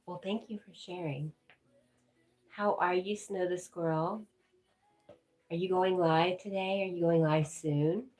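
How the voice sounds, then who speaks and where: A woman's voice: fairly low pitch, fairly even intonation, a little slow, pauses often, darkish tone. A woman hosting a livestream, talking casually and affectionately with viewers as she reads and answers their comments. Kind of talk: casual live-chat talk.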